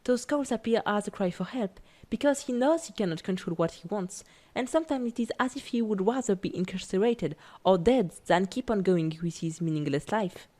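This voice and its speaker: A woman narrating a scripted video essay in an even, careful reading voice. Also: mid-range voice, moderate pace, hardly any pauses.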